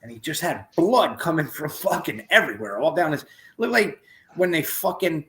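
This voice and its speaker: A man's voice: a little high, big pitch swings, normal speed, bright, forceful tone. A man hosting a podcast, telling a rowdy story in casual, profane chat and acting out the quotes. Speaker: podcast host.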